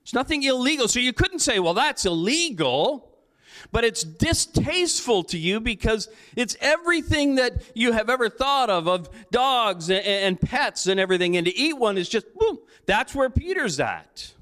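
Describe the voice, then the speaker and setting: Animated pastor preaching. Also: male voice, extremely high pitch, moderate pace. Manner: storytelling with playful acted-out dialogue and jokes. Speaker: lead pastor. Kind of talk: sermon.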